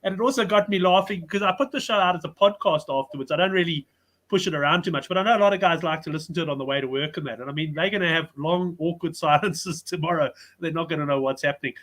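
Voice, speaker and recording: A man's voice: a little high, fast, a bit bright. A man hosting a casual panel chat over a video call, jokey and chatty. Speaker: show host.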